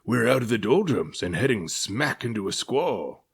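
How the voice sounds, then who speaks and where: A man's voice: medium pitch, very animated, moderate pace, creaky, slightly rough, full character voice. A man reading a storybook aloud, voicing a male ship captain who roars orders at his crew. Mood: commanding. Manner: roaring orders.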